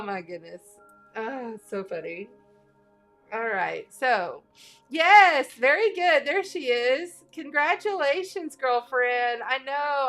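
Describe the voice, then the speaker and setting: Woman, astrology host, excitable casual chatter, bright tone. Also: fairly high pitch. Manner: gushing, bubbly, excitable. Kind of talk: casual livestream giveaway chat.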